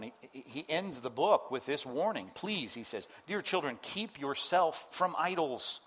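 A man preaching a sermon as pastor, talking straight to his congregation and acting out the people he quotes. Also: mid-range voice. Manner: animated, acts out quoted voices, addresses congregation directly. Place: church.

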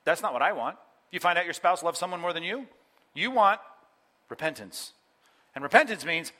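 A man delivers a sermon from the pulpit in a bright, slightly high voice. He is animated, speaks straight to his listeners and acts out the people he quotes. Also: moderate pace, long pauses. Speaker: pastor. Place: church.

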